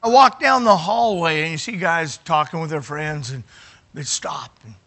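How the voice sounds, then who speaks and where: A middle-aged man preaching as he tells his own testimony, with an emotional delivery that swings from near shouts to quiet moments and often restarts his phrases. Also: a little high, normal speed. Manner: emotional, rising to near shouting at climaxes, dropping quiet at others; repeats words and restarts phrases. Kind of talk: sermon storytelling.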